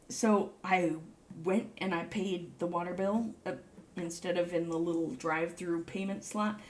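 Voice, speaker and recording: Rambling woman, high gushing over cute things. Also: a little hiss or hum. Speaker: vlogger. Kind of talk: casual show-and-tell chat.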